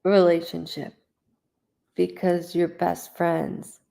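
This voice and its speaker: A woman doing a live psychic reading in a mellow voice with a gravelly edge. She talks casually and with feeling, and she lifts her voice whenever she passes on what a spirit says. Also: on the low side, little pitch movement, slow pace. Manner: emotional, conversational, relays quotes in a lifted voice. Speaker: psychic medium.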